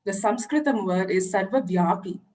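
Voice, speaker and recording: A woman's voice: medium pitch, normal speed, warm tone, poor audio. A woman giving an earnest, explanatory online lecture over a video call. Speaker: religious education presenter.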